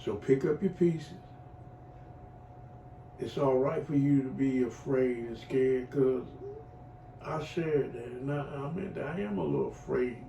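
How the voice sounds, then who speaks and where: A middle-aged man giving heartfelt personal testimony as a client in a recovery program, earthy and animated, acting out voices as he tells his story. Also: mid-range voice, normal speed, vocal fry, highs cut off. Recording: echoey room, voice from far off, faint noise.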